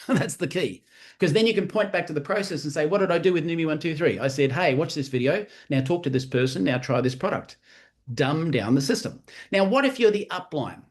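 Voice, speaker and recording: A man in a slightly higher register delivers a lively motivational training talk to a live audience. He hammers home key phrases by repeating them and slips into quick acted dialogue. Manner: acts out sales-call dialogue. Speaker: network marketing trainer.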